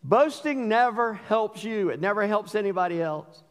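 A middle-aged pastor delivers a sermon in a folksy, storytelling way. His voice sits high for a man and climbs further when he quotes. The sound rings with the long reverb of a church hall. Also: animated, normal speed. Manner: folksy storytelling preacher, rises in pitch when quoting.

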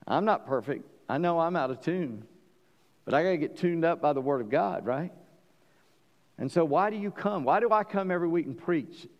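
A man preaching a sermon as pastor, emphatic, swinging between loud declarations and quiet asides, asking the congregation questions. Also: fairly high pitch, big-room sound, muffled recording. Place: church.

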